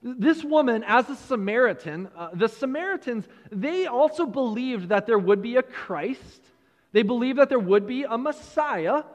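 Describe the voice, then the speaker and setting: A male preacher giving a sermon to a room of listeners, retelling a story in an animated way, with frequent restarts. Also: extremely high pitch, moderate pace, in a large hall, lo-fi sound. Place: large room with an audience.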